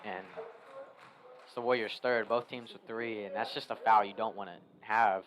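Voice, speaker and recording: Over crowd noise on a rough recording, a young local commentator gives casual, joking play-by-play of a school basketball game while eating. He has a fairly low, fairly even voice at a normal speed.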